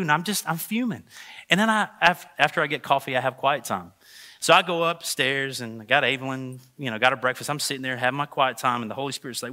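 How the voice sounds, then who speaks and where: A male pastor preaching a sermon, telling a personal story in an animated way and acting out the voices. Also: mid-range voice, quick pace.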